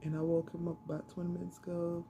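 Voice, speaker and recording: A woman's voice: fairly low pitch, monotone, fast, warm tone, slight background noise. A middle-aged woman, chatting casually to her camera, repeating herself and making self-deprecating asides. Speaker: vlogger.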